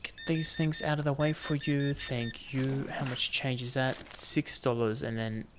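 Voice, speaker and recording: A man's voice: mid-range voice, fairly even intonation, measured pace, noisy background. A man giving casual, jokey commentary while playing a game, bantering with the customers on screen. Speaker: gaming video host.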